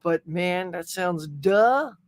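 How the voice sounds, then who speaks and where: A man's voice: high voice, expressive, slow, no room sound. A goofy, upbeat man hosting a casual live stream from home, joking and chatting easily with his viewers. His voice sits close and dry on a desktop microphone, with no room sound around it. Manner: goofy, upbeat, reads viewer chat aloud. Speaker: host of a pop culture livestream. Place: home setup in Southern California. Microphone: desktop USB microphone.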